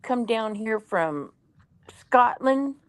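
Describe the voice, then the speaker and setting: A woman's voice: on the high side, animated, extremely slow, clear, resonant tone. A woman chatting casually with a friend, telling stories and reading out search results. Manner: chatty storyteller, reads aloud from the web. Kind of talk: casual chat.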